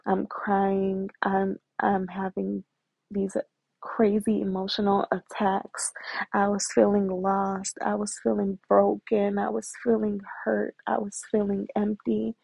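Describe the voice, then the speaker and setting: A woman's voice: medium pitch, completely flat delivery, takes it slowly, vocal fry, warm tone, breathy edge, no room sound. A woman in her twenties candidly telling her personal story in casual, emotional talk full of slang and fillers.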